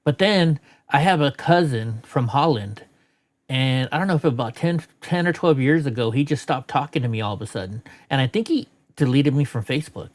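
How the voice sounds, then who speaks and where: A man's voice: medium pitch, expressive, fairly quick. A middle-aged man chatting casually on a live stream, rambling and swearing, often laughing at clips. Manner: rambling, profane, laughs a lot. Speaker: streamer host.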